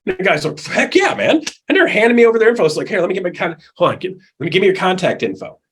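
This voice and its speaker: A middle-aged man coaching real estate agents in an interview, talking with animated energy and acting out the people and calls he describes. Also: high-pitched, rapid-fire, slight background noise.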